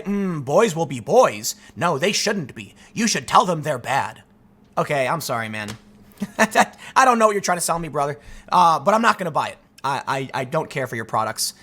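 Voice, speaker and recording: A man hosting a commentary show, ranting to his audience in an emphatic, animated way. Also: a little high. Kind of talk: opinion rant to camera.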